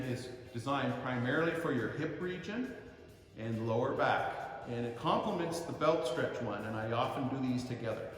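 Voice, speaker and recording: Man coaching stretches in an echoey hall. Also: medium pitch. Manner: calm step-by-step coaching, counts slowly while holding a stretch. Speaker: karate instructor. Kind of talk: instructional demonstration. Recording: very echoey long-reverb room.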